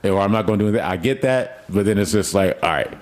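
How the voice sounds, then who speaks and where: A man co-hosting a podcast in casual chat, teasing and animated. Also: fairly low pitch, fast talker. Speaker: podcast co-host.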